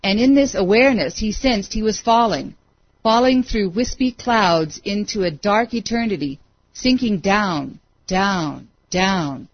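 A woman narrating a story as an audiobook, with steady, dramatic read-aloud pacing. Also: mid-range voice, measured pace. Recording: dry, dull lo-fi recording.

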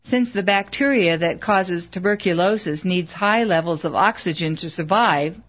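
A woman reading the part of an expert male lung doctor who explains a procedure calmly. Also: high-pitched, moderate pace, dull audio, lightly acted. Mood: explaining. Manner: calm, explanatory.

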